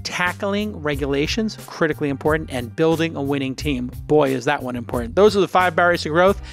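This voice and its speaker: A man's voice: on the high side, fairly quick. Upbeat male podcast host, music behind. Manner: energetic, jokey, salesy. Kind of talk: casual chat and host-read ad.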